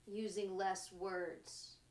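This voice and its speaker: Slow, musing woman in an echoey room. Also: mid-range voice, flat delivery. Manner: slow, musing, trailing phrases with frequent laughs. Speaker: podcast host. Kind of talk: reflective spiritual monologue.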